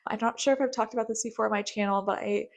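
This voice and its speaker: A woman's voice: a little high, fairly even intonation, very fast, gravelly. A young American woman chatting casually in a bubbly, gushing way, with lots of filler words. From United States. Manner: bubbly, gushing, filler-heavy with frequent likes. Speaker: book vlogger. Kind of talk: casual chat.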